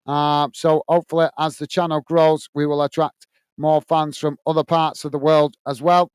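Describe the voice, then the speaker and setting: A man's voice: on the high side, level tone, moderate pace, smooth, no echo. A man hosting a casual live stream, reading viewer comments aloud and chatting with many uhs. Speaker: host reading live chat.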